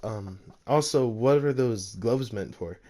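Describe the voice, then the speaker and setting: A man's voice: medium pitch, slow pace, mellow, natural voice. A man voicing a cheerful, bashful teenage girl, lifting his voice slightly.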